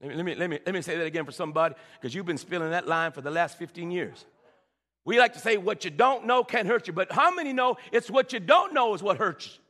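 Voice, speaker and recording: A man's voice: sits high, lively intonation, fast talker, sharp tone. A male pastor preaching a sermon, calling out to the congregation and stammering into repeated words as he builds. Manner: preaching with frequent stammered repeats and call-and-response. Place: church sanctuary. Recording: reverberant church hall.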